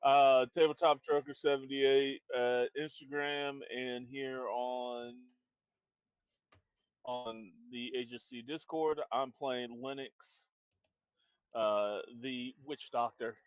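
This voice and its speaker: A man chatting as a tabletop game player from a truck stop, excitable and scattered, quick to apologize. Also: mid-range voice, smooth, no room sound. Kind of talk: casual chat. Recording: dull lo-fi mic sound.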